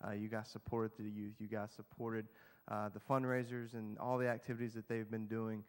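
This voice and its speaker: A man's voice: lowish voice, flat delivery, normal speed. A man, a youth pastor, thanking the congregation with many "um" and "uh" fillers. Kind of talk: church announcements. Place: church sanctuary. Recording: long church hall reverb.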